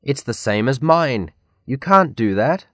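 A man's voice: mid-range voice, expressive, measured pace, no room sound, studio quality, close to an everyday voice. A man voicing a grumpy, easily embarrassed schoolboy in a read-aloud children's story. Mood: protesting. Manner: protesting, grumbling.

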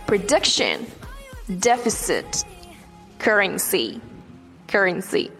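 A woman teaching English vocabulary, repeating each word and checking in with "okay?" as she explains pronunciation. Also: mid-range voice. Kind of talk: vocabulary lesson. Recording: long reverb, faint background music.

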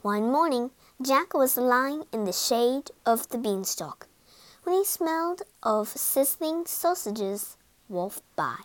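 Woman reading a kids fairy tale, slow and sing-songy, bright voice. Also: on the high side, dry recording. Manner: slow, expressive storybook narration. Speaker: storyteller. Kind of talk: children's story reading.

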